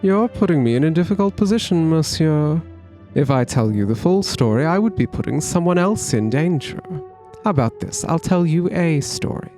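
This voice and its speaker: A smooth, theatrical male bird con man in a video game, voiced by a man reading the lines, spinning his answers in a grand, flowery manner. The voice sits a little high for a man, and faint game music plays beneath it. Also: lively intonation, moderate pace, warm tone. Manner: grand, flowery storytelling delivery.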